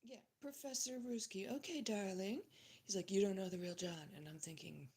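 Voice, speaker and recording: Middle-aged woman vlogger, from Canada, gravelly, chatty rant with whispered asides. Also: medium pitch, a little mellow. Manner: talks fast with many fillers, drops to whispers. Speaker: channel host. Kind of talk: casual ranting monologue.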